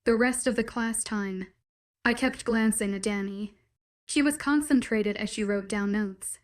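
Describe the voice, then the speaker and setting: A woman reads a first-person romance audiobook aloud in an even, steady way. Her voice sits at an ordinary middle pitch for a woman. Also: measured pace. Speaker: audiobook narrator.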